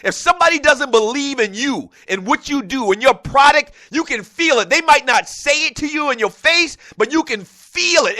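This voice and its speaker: A man's voice: very high-pitched, animated, moderate pace, hardly any pauses, pushed and bright, no room sound. A man hosting a sports talk show, ranting in a fired-up way and repeating himself as he makes his points. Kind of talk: animated sports talk rant.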